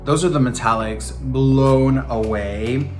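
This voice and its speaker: A young man hosting a beauty review vlog, sassy and animated, throwing in campy slang and playful swoops. His voice sits at a middle pitch, with music playing faintly underneath. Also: slow pace. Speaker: beauty vlogger.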